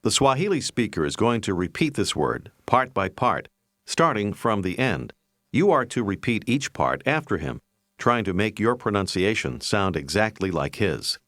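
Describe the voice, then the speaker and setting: Measured male language-course narrator, lowish voice. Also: sing-song, a bit bright, no echo, clean studio sound. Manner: clear, measured teacherly prompting. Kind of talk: scripted language-lesson instruction.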